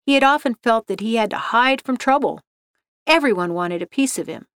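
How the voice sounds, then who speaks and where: A woman's voice: on the high side, expressive, a little fast, fairly bright tone, clean tone, no echo, studio quality. Woman steadily reading a story aloud. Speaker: narrator.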